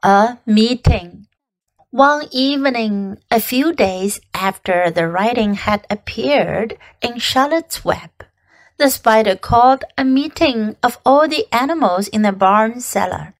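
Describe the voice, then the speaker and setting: A woman teacher reading a children's novel aloud, with careful, deliberate phrasing. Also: on the high side, lively intonation, dry recording. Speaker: English teacher.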